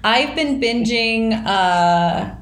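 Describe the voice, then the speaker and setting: A woman's voice: on the high side, lively intonation, very slow, roomy sound. A woman hosting a podcast in casual chat, talking loosely with lots of fillers and self-deprecating asides. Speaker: podcast host.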